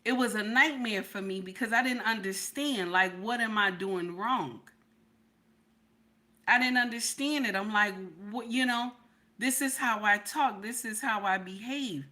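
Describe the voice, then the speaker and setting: A woman's voice: fairly high pitch, a little slow, bright, forceful tone. A woman hosting a casual livestream, speaking emphatically to her viewers, repeating herself and asking if they hear what she's saying. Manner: emphatic, repeats lines, talks to chat. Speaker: livestream reaction host.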